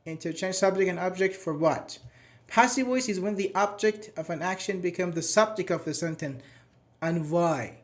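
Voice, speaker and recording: A man teaching a grammar class live, talking in a loose, chatty way and asking his students questions. His voice sits a little higher than most men's, and he keeps praising students by name as they answer. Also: moderate pace. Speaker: English teacher.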